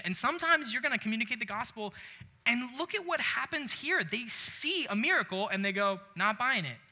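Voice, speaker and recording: A man's voice: high-pitched, bright, forceful tone. A young man preaching a sermon, telling a story with acted-out quotes and laughing along. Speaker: pastor. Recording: long hall reverb.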